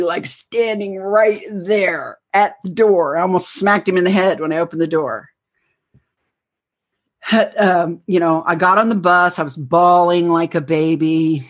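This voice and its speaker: A woman's voice: fairly low pitch, steady tone, normal speed. A woman telling a rambling personal story in an interview, acting out the lines she quotes. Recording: dull lo-fi recording.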